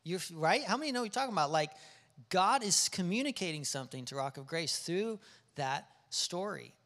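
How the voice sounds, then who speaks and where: A pastor speaks in a high voice, animated and quick to ask the congregation questions. His words ring out in the long reverb of a large hall. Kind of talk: sermon. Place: church sanctuary.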